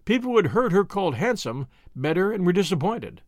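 Guy reading an old novel out loud, high voice, lots of swing, dry close sound. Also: brisk, dry recording. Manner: expressive storytelling. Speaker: audiobook narrator. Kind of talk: scripted narration.

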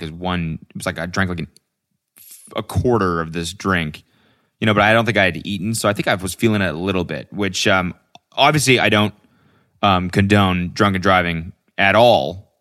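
A man's voice: on the low side, fairly bright tone. A man, hosting a solo podcast and telling a story in a rambling, profane way with lots of fillers. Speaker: podcast host.

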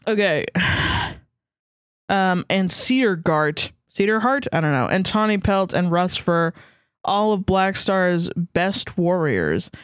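Smooth-voiced woman, wry podcast co-host. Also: fairly low pitch, lively intonation, takes it slowly, dry recording, clean studio sound. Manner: wry, mocking, often laughing. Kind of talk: casual chat, reading fan fiction aloud.

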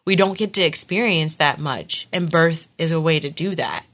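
Young woman guest, lively storyteller, bright forceful voice, slightly low pitch. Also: normal speed. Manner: animated storytelling with many fillers. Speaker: podcast guest telling her birth story. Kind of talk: casual chat.

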